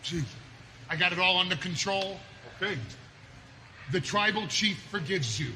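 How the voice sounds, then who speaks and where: A man's voice: high-pitched, normal speed, bright, forceful tone, slight background noise. A man speaking as a wrestling manager, stammering and pleading as he persuades. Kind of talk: persuasive backstage speech.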